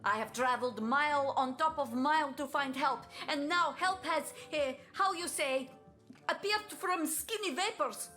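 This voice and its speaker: Slow, heavily accented Italian game mother. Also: high voice, sharp tone, soft background music. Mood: hopeful. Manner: broken English, halting "how you say" asides. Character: middle-aged mother, a grieving, fiercely loyal source hunter. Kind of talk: video game voice acting.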